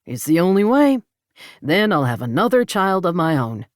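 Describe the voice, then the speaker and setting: A man's voice: high voice, sing-song, moderate pace, dry recording, studio quality. A woman voicing a lovesick rancher man, earnest and pleading, in an audiobook romance. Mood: teasing.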